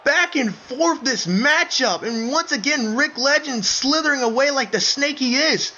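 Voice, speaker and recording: Excitable high-voiced wrestling commentator man. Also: a little slow. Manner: excitable, keeps breaking into shouts of surprise; addresses listeners as folks. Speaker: play-by-play commentator. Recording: dull lo-fi recording with faint noise.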